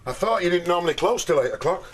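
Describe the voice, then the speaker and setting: A man's voice: high-pitched, expressive, fast, slight background noise. An actor playing a shy, awkward middle-aged man who stammers as he asks a woman out. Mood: bashful. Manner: hesitant, bashful, stammering.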